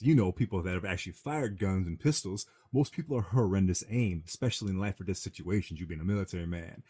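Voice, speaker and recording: A man on a casual gaming chat show, rambling through a film plot and acting out the quotes in a low voice. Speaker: podcast co-host.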